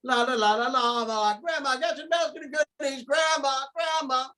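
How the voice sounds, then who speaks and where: A man's voice: high voice, very animated, slow, a bit bright, husky, heavily acted. A man voicing a rude, selfish little girl in a spoken story. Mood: singsong.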